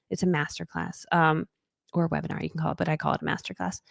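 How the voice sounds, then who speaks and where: A woman's voice: sits low, flat delivery, quick pace, creaky, dry recording, studio quality. A woman in her thirties from New England, leading a live online training as a business coach, talking in a bubbly, chatty way with playful acted quotes. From New England, United States.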